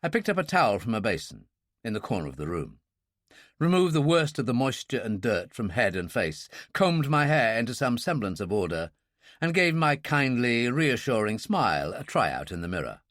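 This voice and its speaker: A man narrating a first-person thriller audiobook in a dry, measured, wry way. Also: mid-range voice, big pitch swings, fairly bright tone, no room sound.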